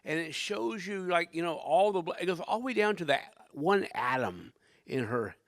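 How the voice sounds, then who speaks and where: An older man, a pastor, delivering a sermon with dynamic preaching that swings from loud emphasis to hushed tones. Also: high-pitched, expressive, moderate pace, no room sound.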